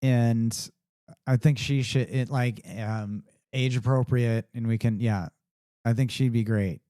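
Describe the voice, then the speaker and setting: A man co-hosting a podcast in casual chat, talking in halting bits with many restarts. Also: mid-range voice, fairly even intonation, dark tone, dry recording, studio quality. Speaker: podcast co-host.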